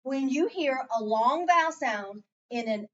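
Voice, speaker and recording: Slightly slow and lively in intonation, this woman's high, fairly bright voice guides one pupil through a phonics lesson at school. She prompts with patience and elongates her cues, heard through a muffled, distant, low-fidelity recording.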